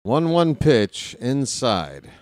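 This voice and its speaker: A man's voice: mid-range voice, big pitch swings, extremely slow, darkish tone, no echo. A man calling a baseball game live as a fan play-by-play host, rooting openly for his team in a chatty way. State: hiccups.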